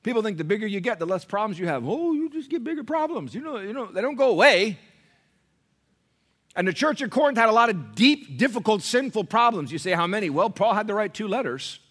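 Forceful, bright-voiced American preacher. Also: male voice, high voice, big pitch swings, brisk. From United States. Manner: emphatic, joking, swings from hushed to loud. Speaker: pastor. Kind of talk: sermon. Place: church.

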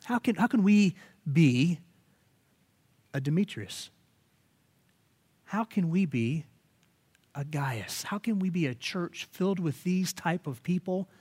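A man preaching a sermon as pastor, animated and emphatic, often restarting his phrases. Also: high voice, measured pace, long pauses, husky.

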